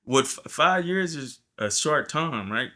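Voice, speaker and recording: A man's voice: fairly high pitch, lively intonation, a little slow, bright, forceful tone. A man hosting an interview, giving brief prompts and affirmations. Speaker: host. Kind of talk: interview questions and backchannel.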